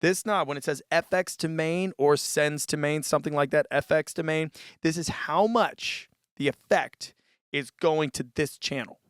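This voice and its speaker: Smooth and fairly high in pitch, this man speaks at normal speed in a studio-quality recording with no echo. He's a music tutorial host doing a casual demo on a live mixer, speaking loosely into a vocal mic, laid-back, frequently saying "dude" and demonstrating vocally.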